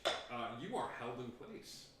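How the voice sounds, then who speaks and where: A man's voice: mid-range voice, very animated, measured pace. A man running a tabletop game as game master, narrating with many fillers. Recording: echoey room from far off, faint noise.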